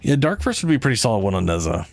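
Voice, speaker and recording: A man's voice: fairly low pitch, sing-song, rapid-fire, gravelly. A man streaming a game in casual chat, sleep-deprived and rambling, cursing now and then.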